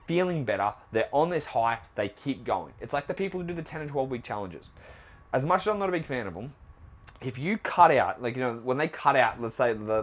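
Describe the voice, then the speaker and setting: Blunt, swearing male fitness podcaster. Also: medium pitch. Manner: blunt, swears often, asks rhetorical questions. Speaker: podcast host and trainer. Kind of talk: casual motivational monologue.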